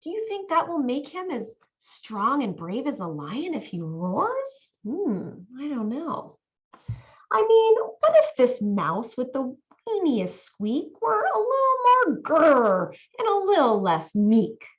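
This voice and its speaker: A woman volunteer reading a children's picture book aloud in an animated way, stopping to ask the young listeners questions. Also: high voice, slow pace. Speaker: volunteer reader. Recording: dull lo-fi audio.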